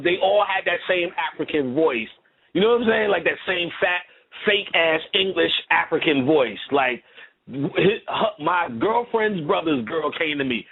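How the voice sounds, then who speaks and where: A man with a husky, slightly breathy voice talks in loose, profane, rambling storytelling. His pitch swings widely and sits a little high for a man. The sound is thin and tinny, like a phone line. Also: lively intonation, normal speed. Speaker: lecturer. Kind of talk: casual conversational storytelling.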